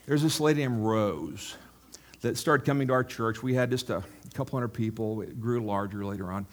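A man's voice: mid-range voice, a little fast. A male pastor giving a sermon in a church, chatty and self-mocking, with frequent asides to the congregation.

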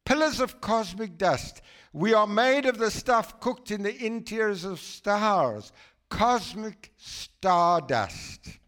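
A man's voice: high-pitched, lively intonation, takes it slowly, a bit bright. Enthusiastic man from South Africa preaching. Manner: enthusiastic, exclaiming, chatty asides. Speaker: guest speaker. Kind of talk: illustrated church talk.

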